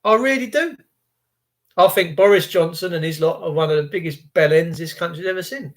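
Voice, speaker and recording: A man's voice: a little high, fairly quick. A man, ranting and swearing angrily to viewers on a live stream, with sarcastic asides.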